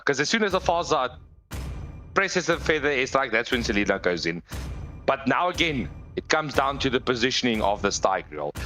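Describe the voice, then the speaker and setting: Brief: male esports caster on a headset, bright tone, lively pitch, analytical play-by-play that jumps up in fights. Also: a little hiss or hum. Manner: analytical, gets excitable in big plays. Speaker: esports commentator. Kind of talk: live game commentary.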